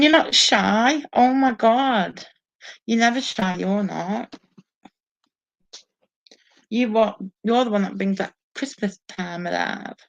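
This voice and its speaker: Sitting by herself at home, this live stream host reads viewer comments aloud in a mid-range voice with some vocal fry. Her chat is casual, full of laughter and frequent cursing. Audio quality is dull and lo-fi.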